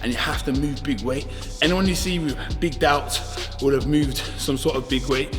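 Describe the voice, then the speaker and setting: A bodybuilder giving a casual gym workout tutorial, chatty and relaxed, with lots of ums. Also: male voice, medium pitch, moderate pace, in a large hall. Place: echoey gym. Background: music playing.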